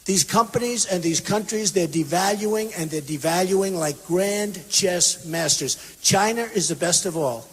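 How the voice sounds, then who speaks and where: A man giving a campaign rally speech, emphatic and repetitive, swinging between shouted bursts and quiet asides. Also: sits high, measured pace, few pauses, slightly rough. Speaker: political candidate speaking at a rally. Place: large university venue. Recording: long reverb from a big hall.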